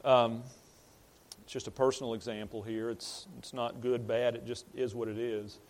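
A man's voice: medium pitch, little pitch movement, normal speed. A man in the role of pastor, preaching in a conversational way, plain-spoken and often repeating or restarting words as he builds a point. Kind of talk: conversational sermon.

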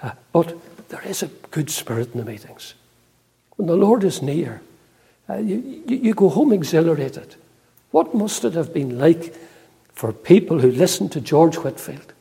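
Older man, sermon, husky, mellow tone, hesitant pauses, echoing hall. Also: on the high side, big pitch swings. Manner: earnest, unhurried, with frequent hesitations. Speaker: preacher. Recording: long reverb in a large hall.

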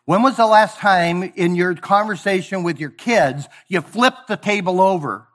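A man preaching a sermon, emphatic and sometimes sarcastic, swinging from booming lines to hushed ones. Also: measured pace. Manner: sarcastic mock praise.

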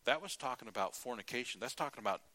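Speaking very fast in a sharp, mid-range voice, a middle-aged male preacher gives an expressive sermon. Folksy stories and dramatized quotes fill it, and he keeps clearing his throat.

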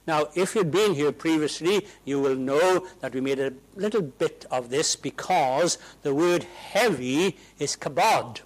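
A man preaching a sermon in a church, swinging from hushed asides to loud, ringing proclamations. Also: on the high side, lively intonation, unhurried, low-quality recording.

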